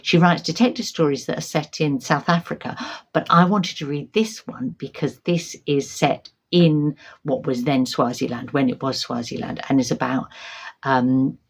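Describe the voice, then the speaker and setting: A woman with a notably low voice talks to camera about her reading in a loose, friendly way. She wanders through her thoughts with plenty of ums, repeated words and false starts, sounding middle-aged and unhurried. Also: breathy edge. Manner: chatty, hesitant, many ums and restarts. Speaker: book vlogger. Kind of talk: casual book chat to camera.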